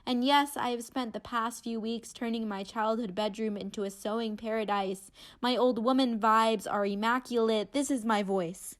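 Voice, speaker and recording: A woman's voice: fairly high pitch, steady tone, moderate pace, few pauses. Young woman, wry spoken word. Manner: candid, wry, conversational. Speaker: student poet.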